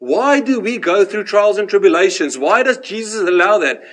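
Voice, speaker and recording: A man, preaching a sermon and telling his own story, animated in the dramatic parts and hushed in the reflective ones. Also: high voice, normal speed. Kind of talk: sermon with personal testimony.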